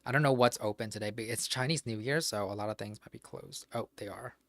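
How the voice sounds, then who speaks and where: A man's voice: lowish voice, fast, dry recording. A man streaming from home who chats casually, rambles to himself, and swears freely. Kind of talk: casual live-stream chat.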